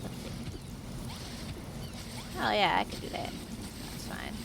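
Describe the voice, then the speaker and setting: A woman streamer giving casual gameplay commentary, thinking aloud in an unhurried, musing way. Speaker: game streamer. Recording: clear background noise.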